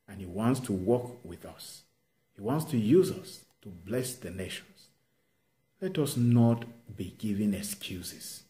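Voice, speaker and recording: A man preaching a sermon, retelling a story with animated delivery and exhorting his listeners. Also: fairly low pitch.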